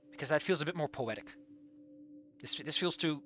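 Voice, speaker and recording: Bright-voiced man reading fan fiction aloud. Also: a little high, fairly quick. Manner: alternates hushed reading with loud, excitable critique. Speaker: fan fiction reader and critic. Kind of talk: reading a story aloud with commentary.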